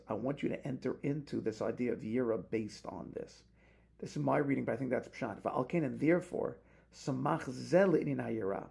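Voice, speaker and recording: A man's voice: fairly high pitch, creaky, darkish tone. A man, a rabbi, teaching a Torah lesson with passion, weaving Hebrew phrases into his English and building to emphatic peaks.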